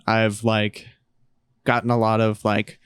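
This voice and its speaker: A man's voice: lowish voice, completely flat delivery, slow pace, fairly bright tone, clean tone, no room sound. A man co-hosting a casual podcast in a laid-back way, full of "um" and "like". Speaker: podcast co-host. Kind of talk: casual chat.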